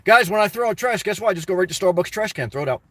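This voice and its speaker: Man, high-pitched, animated and repetitive, casual live chat, dry sound. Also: rapid-fire, dry recording. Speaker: YouTube vlogger answering live chat.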